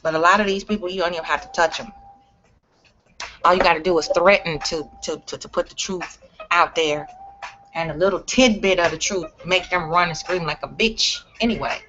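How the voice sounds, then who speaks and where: A woman's voice: on the low side, moderate pace, muffled recording, background noise. A woman talking straight to camera in a blunt, profane, emphatic rant. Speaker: vlogger. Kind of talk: ranting vlog monologue.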